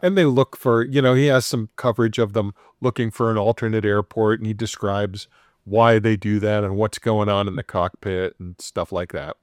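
A man's voice: on the low side, moderate pace, dry recording, clean studio sound. A man casually retelling a story on a podcast, playfully acting out the quoted voices with chuckles. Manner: animated retelling, acts out quoted dialogue with chuckles.

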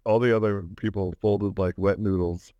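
Podcast co-host, male, lowish voice, rambling storyteller, dull dry sound. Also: steady tone, moderate pace, dark tone, no echo. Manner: rambling storyteller, laughs while telling. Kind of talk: casual chat.

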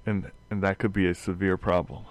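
Man, deadpan, dry humor, low voice, dry close sound. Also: fairly quick, no echo. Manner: dry, deadpan, argues point by point. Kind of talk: casual banter.

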